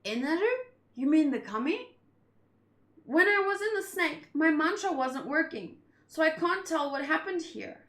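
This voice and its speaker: A woman voicing a spirited little girl with mind-reading powers in a manga read-along, shrill and urgent. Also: animated, a little slow, fairly bright tone, echoey room. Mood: distressed.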